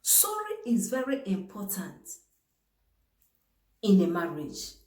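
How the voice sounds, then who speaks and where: A woman's voice: mid-range voice, huge pitch swings, takes it slowly, darkish tone. Emphatic Nigerian woman, echoey room. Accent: Nigerian English. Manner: emphatic, rhetorical questions, sudden exclamations. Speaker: vlogger giving marriage advice. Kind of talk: preachy advice talk to camera.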